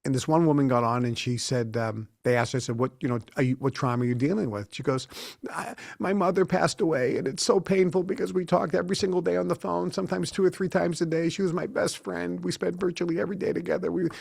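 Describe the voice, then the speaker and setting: Speaking fast with vocal fry, this sixty-something man has a fairly high, slightly mellow voice and fairly even intonation. He's a studio interview guest who tells long anecdotes, acting out the dialogue, and the recording is dry.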